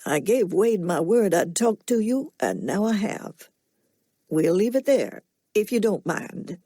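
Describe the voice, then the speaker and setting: A woman reading an audiobook, voicing a soft-spoken middle-aged Southern farmer with a slow nasal drawl and a plainspoken, quietly stern manner. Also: mid-range voice, big pitch swings, slightly rough, no room sound.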